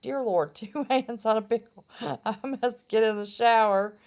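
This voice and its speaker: A woman's voice: on the high side, measured pace, darkish tone. A middle-aged woman, chatting casually and bluntly on her live stream and laughing often. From West Virginia.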